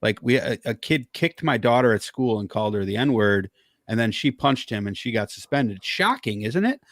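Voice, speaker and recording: A man's voice: fairly low pitch, normal speed, dry recording, clean studio sound. A man on a podcast, telling a story in heated, profane casual chat.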